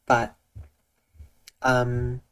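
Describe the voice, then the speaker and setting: A streamer chatting calmly and softly with viewers on a live stream, using eloquent diction and a dry, deadpan delivery. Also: mid-range voice, drawn-out words, smooth. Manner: soft, calm tone with eloquent diction. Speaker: Twitch streamer. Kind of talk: casual livestream chat reading out viewer comments.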